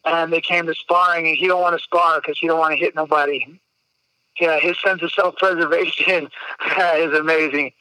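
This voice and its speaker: A man's voice: fairly high pitch, steady tone, normal speed, bright, forceful tone, clean tone, no echo, low-quality recording. A man, telling a personal story on a podcast in a candid, emotional way, swearing freely. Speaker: podcast guest. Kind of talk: casual storytelling.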